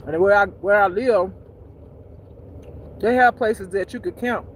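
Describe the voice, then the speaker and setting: A woman talks slowly and freely, swearing easily and breaking into laughter at her own stories. Her voice sits at a middle pitch. Faint noise hums in the background. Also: rough recording. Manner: loose, profane storytelling, laughing often at her own jokes. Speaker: spiritual teacher streaming live. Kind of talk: casual unscripted chat.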